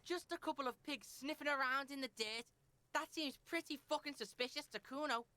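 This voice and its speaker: A woman's voice: sits high, brisk, sharp tone, no echo, pitched above the performer's own voice. A woman voicing a crude, swaggering young boy who taunts and talks about himself in the third person. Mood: taunting.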